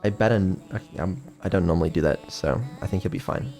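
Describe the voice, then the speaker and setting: A man's voice: deep voice, fast, a little mellow, faint music behind. A man hosting a stream, explaining his work casually, hesitant with many ums and casual swearing. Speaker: developer and stream host.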